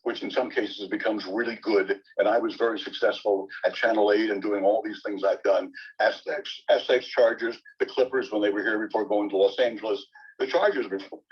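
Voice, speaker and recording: An older man, a sportscaster guest, telling long animated anecdotes in conversation, often repeating words as he starts sentences. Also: on the low side, fairly quick, slightly rough. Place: bookstore event. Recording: distant, dull lo-fi audio.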